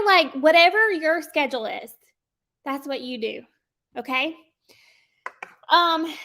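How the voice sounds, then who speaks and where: A woman's voice: sits high, fairly bright tone. A woman giving a casual sales coaching talk, chatty and checking in with her listeners often. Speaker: sales trainer.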